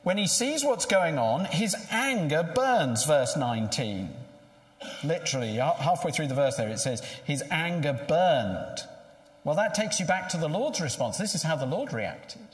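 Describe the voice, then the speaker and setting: A man's voice: on the high side, big pitch swings, normal speed. A man preaching a sermon in a conversational way, asking rhetorical questions. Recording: echoey hall with long reverb.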